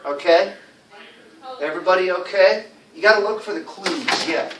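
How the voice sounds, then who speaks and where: A man's voice: high voice, normal speed, noisy background. A man teaching English to a class, explaining grammar and drilling pronunciation with the students. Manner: drills pronunciation, stresses words, repeats phrases for class. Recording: echoey classroom from far off. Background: students talking.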